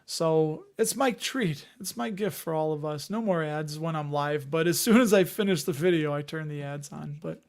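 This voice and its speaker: A man's voice: on the high side, moderate pace, hardly any pauses. A man hosting an investing live stream, chatting casually and rambling as he answers viewers' comments. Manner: rambling, conversational, reads chat comments aloud.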